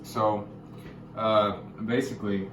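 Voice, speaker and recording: A young man explaining money topics in a casual vlog, goofy and jokey, with sudden loud, excited bursts. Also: on the low side, slow, roomy sound, noisy background. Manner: goofy, hyper bursts, calls viewers gamers. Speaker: YouTuber.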